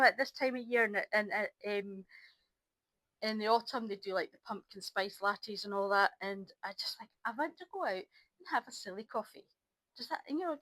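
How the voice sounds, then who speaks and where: Middle-aged woman, higher voice, rambling home craft vlog chat, bit tired, dry close sound. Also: a bit bright, no room sound, low-quality recording. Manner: chatty and rambling, with many ums and restarts. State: low on energy. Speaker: crafting vlogger. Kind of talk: casual chat to camera. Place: at home by an ironing board.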